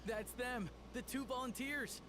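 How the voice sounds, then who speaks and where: An actor playing an earnest, polite young railway worker in a video game. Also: male voice, very high voice, unhurried, slight background noise. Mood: eager. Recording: game audio with loud background music.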